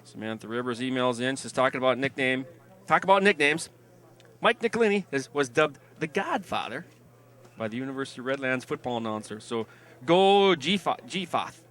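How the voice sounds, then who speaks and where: A man calling a football game online, eagerly reading out viewer emails and shout-outs. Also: mid-range voice, animated, fairly quick. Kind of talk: live sports webcast commentary.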